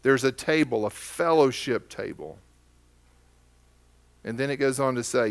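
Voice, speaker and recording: A man's voice: medium pitch, animated, unhurried, creaky, long pauses. A man with an Oklahoma accent preaching a sermon as pastor, telling stories in a folksy, conversational way.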